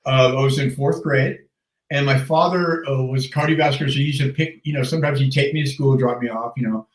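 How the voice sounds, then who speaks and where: A man in his fifties, a podcast guest, telling stories in an animated casual way and laughing often. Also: mid-range voice, fairly quick, far from the mic. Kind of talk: casual storytelling chat. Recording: roomy sound, off the mic.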